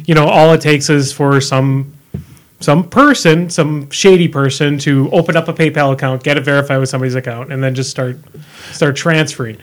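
A man speaks in a calm, dry, reasoning way during a casual chat. His voice sits slightly high. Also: fairly quick.

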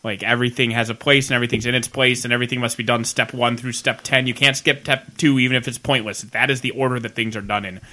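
A man's voice: mid-range voice, steady tone, fast, hardly any pauses, sharp tone. A man co-hosting a podcast, chatting in casual group banter, jokey and rambling. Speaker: podcast co-host.

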